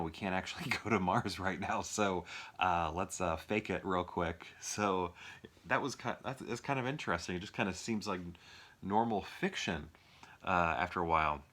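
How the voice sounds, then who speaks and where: A man's voice: fairly low pitch, a bit bright. A young man chatting casually and off the cuff about films from his collection, rambling with lots of fillers and restarts. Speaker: movie reviewer. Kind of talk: impromptu casual movie chat.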